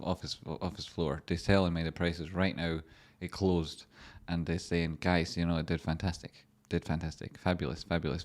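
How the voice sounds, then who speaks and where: A young man hosts a casual livestream, talking in a low register. He rambles from thought to thought, joking and swearing freely. His voice stays deep throughout, with the loose, unscripted flow of live chat. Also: a little mellow. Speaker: livestream host.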